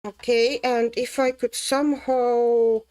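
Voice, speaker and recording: A woman hosts a relaxed livestream and chats while she colours. She talks at an unhurried, slow pace, greets viewers by name, and thinks aloud as she works. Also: a little high. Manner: chatty, laughs often, reads chat names aloud; muses aloud while working. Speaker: livestream host. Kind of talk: casual chat while colouring.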